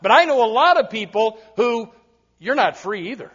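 A man's voice: very high-pitched, very animated, moderate pace, fairly bright tone, breathy edge. A man preaching a sermon as pastor, emphatic and repetitive, with frequent direct asides to his congregation. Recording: dull lo-fi sermon recording.

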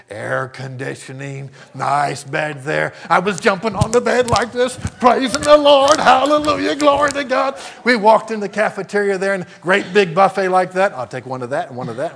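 A man preaching a sermon, telling a personal story, dropping to hushed asides and rising to shouted praise. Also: mid-range voice, vocal fry.

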